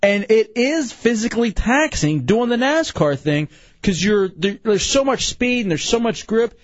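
A man hosting a radio show, teasing his co-hosts in animated casual banter. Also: high voice, measured pace, no echo. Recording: dull lo-fi radio recording.

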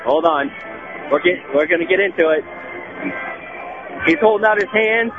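Drunk, giggly man calling in on the phone, bright high pitch, dull sound. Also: normal speed, over music. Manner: laughing, sheepish. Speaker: radio show stunt participant on the phone. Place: crowded outdoor street festival. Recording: muffled phone call.

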